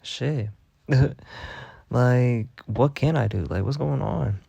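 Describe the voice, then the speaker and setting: A young man telling a rambling, profane story in a casual monologue, packed with filler words and deadpan bragging. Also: mid-range voice, slow, vocal fry, breathy edge, no room sound, muffled recording. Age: young adult. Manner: rambling, heavy on "like" fillers and swearing. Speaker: vlogger.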